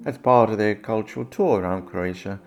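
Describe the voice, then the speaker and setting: A man giving calm, measured scripted narration for a documentary film, with guitar music underneath. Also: lowish voice.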